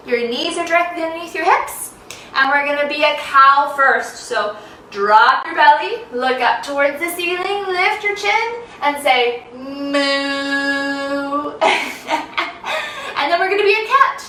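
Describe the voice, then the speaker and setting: A woman's voice: high voice, animated, moderate pace, sharp tone, roomy sound, distant mic, a little hiss or hum, low-quality recording. A young woman leading a children's yoga lesson, playful and sing-song, making animal sounds as she teaches.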